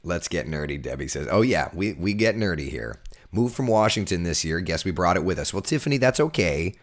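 Hoarse weatherman with a deep voice, loose and jokey while chatting with viewers. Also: expressive, a little fast. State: hoarse, voice recovering. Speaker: TV meteorologist hosting a live chat. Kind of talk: casual live-stream chat reading viewer comments.

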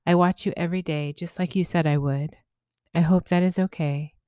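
A gentle young woman spirit speaks softly and apologetically, voiced by a woman reading aloud. Her voice sits low and the sound is dry and close, like a quiet storybook reading. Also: steady tone, moderate pace, no room sound, lightly acted. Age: young adult. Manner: soft, apologetic.

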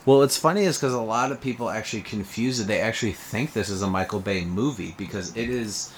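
A man's voice: lowish voice, fast, slight background noise. Young man rambling in casual chat. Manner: rambling, lots of filler "like", laughs often. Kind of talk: casual podcast chat about movies.

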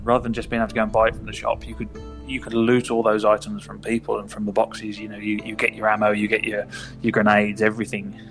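A man's voice: fairly low pitch, fairly bright tone. A British man co-hosting a gaming podcast, hesitant and repeating his words. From Britain. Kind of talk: casual gaming podcast chat.

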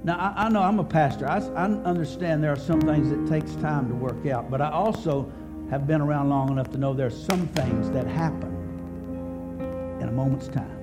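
Over loud background music, a middle-aged pastor preaches a sermon at a church service in a voice on the high side. His storytelling is halting, full of repeated words.

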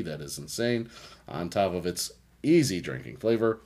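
A man's voice: low-pitched, animated, moderate pace, darkish tone. A man co-hosting a casual beer review podcast, rambling, joking and reading can labels aloud. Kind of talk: casual chat.

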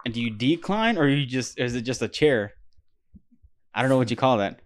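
A relaxed man chatting casually on a podcast. His voice sits at an ordinary middle pitch. He curses freely and breaks into laughter often. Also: brisk. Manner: laid-back, swearing, laughs a lot. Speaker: podcast co-host. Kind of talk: casual chat.

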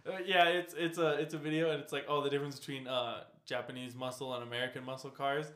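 A man's voice: mid-range voice, level tone, fast talker, a bit bright, reverberant. A man hosting a casual podcast chat, rambling loosely, swearing and laughing often. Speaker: podcast host.

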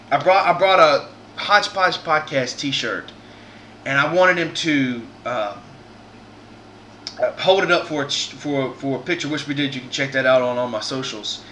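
This podcast host from the Southern US recounts a long personal story, earnest and casual, wandering and often restarting his sentences. His mid-range, fairly bright voice is unhurried with frequent pauses, and there's a little hiss or hum.

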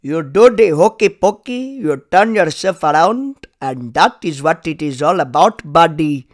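A man's voice: fairly high pitch, lively intonation, unhurried. A man putting on an Indian accent as a children's song singer, in a mocking sing-song way. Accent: Indian, put on. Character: singer with an Indian accent doing kids' songs.

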